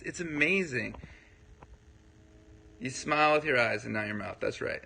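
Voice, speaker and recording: This man's medium-pitched voice is gravelly yet bright, animated and forceful, moving a little slowly on a rough recording. He hosts a laid-back livestream, speaking loosely to his viewers and answering what they write. Rambling and full of fillers, he checks in with listeners again and again.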